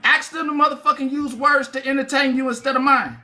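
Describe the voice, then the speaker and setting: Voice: high-pitched, fairly even intonation, brisk, pushed and bright. A livestreamer ranting at viewers in a profane, taunting, repetitive way, speaking into a phone indoors at home.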